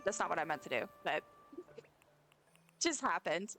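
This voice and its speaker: A woman's voice: on the low side, big pitch swings, moderate pace, vocal fry, sharp tone, soft background music. A woman streamer chatting casually while playing a game, giggling and talking to the characters on screen. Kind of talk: casual gameplay chat.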